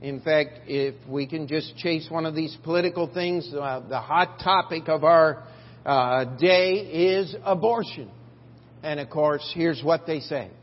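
An older man preaching a sermon as pastor, halting, with frequent fillers and restarts. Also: a little high. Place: church sanctuary. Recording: dull lo-fi church recording with long reverb and faint hum.

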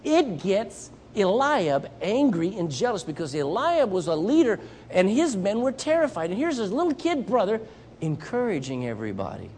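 A man's voice: high-pitched, moderate pace, slight background noise. A man with a Southern US accent preaching a sermon as a missionary, acting out Bible characters as he goes. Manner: animated, acts out Bible characters.

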